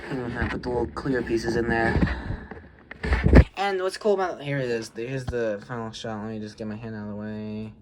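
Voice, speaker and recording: A man's voice: medium pitch, moderate pace, background noise. Chatty, apologetic teenage boy. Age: teens. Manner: chatty, self-conscious, apologetic, giggly. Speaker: hobbyist showing Lego models. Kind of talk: casual rambling vlog.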